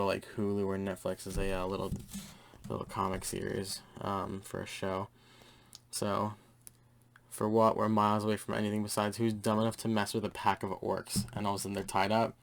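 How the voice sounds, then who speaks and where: Gravelly low-voiced young man rambling excitedly. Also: a little hiss or hum. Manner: rambling, enthusiastic, heavy on fillers. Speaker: comic book reviewer. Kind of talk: casual comic review.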